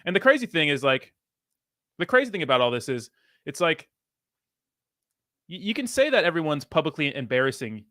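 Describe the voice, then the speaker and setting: A man's voice: on the high side, very animated, brisk, pauses often, bright, forceful tone, dry recording, clean studio sound. A man giving casual reaction commentary on a played clip, blunt and full of profane slang. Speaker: reaction streamer.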